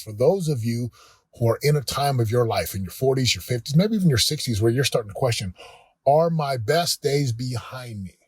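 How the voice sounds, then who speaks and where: A man's voice: mid-range voice, breathy edge, dry recording, studio quality. A man in his forties hosting a motivational podcast, speaking earnestly and openly about his own struggles. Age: 40s. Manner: earnest, emotional and confessional. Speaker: podcast host and coach.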